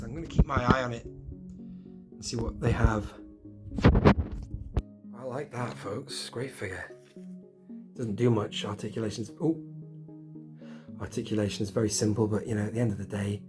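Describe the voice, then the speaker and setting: Middle-aged bloke unboxing toys at home, chatty and excited, bit of music faint behind him. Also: male voice, medium pitch, fairly quick, long pauses. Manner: chatty, enthusiastic, talks to himself while unboxing. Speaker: collector vlogger. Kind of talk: casual unboxing chat. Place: home collection room.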